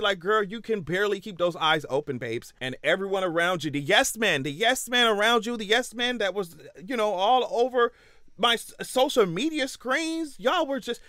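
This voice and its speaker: Sassy high-voiced man ranting. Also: expressive, normal speed, sharp tone, dry recording, clean studio sound. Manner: sassy, emphatic, repeats for effect. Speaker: commentary vlogger. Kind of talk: casual political commentary rant.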